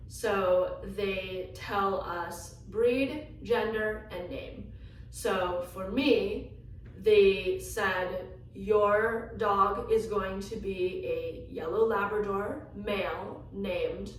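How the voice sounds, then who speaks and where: A woman vlogger telling a personal story in an animated way, acting out the lines she quotes. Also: mid-range voice, a little hiss or hum. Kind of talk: storytelling vlog. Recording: echoey room from a distance, faint ambience.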